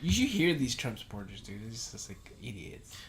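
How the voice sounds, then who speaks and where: A man's voice: mid-range voice, very animated, normal speed. A young man co-hosting a casual podcast chat, ranting heatedly and swearing a lot. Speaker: podcast co-host.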